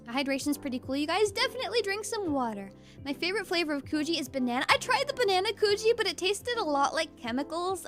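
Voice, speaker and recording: A woman streamer chatting casually with her viewers, bubbly and giggly, reading chat aloud. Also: high voice.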